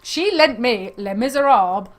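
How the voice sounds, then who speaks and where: Leicester woman co-host, young, swears a lot, bouncy, rather high and lively voice, rambling storyteller. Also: moderate pace. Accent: Leicester English. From Leicester, England. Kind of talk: casual chat.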